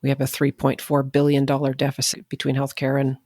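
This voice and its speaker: A man's voice: mid-range voice, monotone, a little fast, darkish tone, no room sound. Dry-sounding male podcast host. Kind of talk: casual interview.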